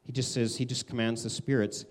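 A man preaching a conversational sermon, animated, acting out quoted voices with big swings. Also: medium pitch, brisk. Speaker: pastor.

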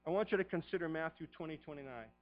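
A middle-aged man preaching a sermon as pastor, fervent, swinging from a hushed voice to shouting. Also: fairly high pitch, quick pace, dull audio.

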